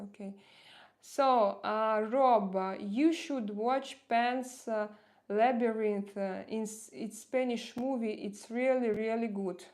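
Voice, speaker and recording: A woman's voice: mid-range voice, sing-song, extremely slow, darkish tone. Woman, 30s, strong Russian accent, outspoken live-stream host, hesitant delivery. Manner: hesitant, many fillers and restarts, outspoken. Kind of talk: casual live-stream chat reading viewer comments.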